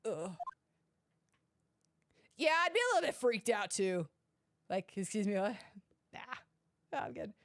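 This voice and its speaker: A woman's voice: a little high, very animated, slow pace, long pauses, a bit bright, no echo, studio quality. A woman casually commenting through a game playthrough, chatty, giggly and self-deprecating. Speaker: gaming streamer.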